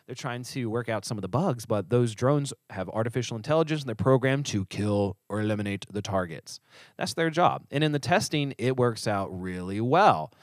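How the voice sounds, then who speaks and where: This man, a church leader co-hosting a casual podcast, has a mid-range voice captured as clean studio sound with no echo. He tells animated stories and performs the voices of the people he quotes.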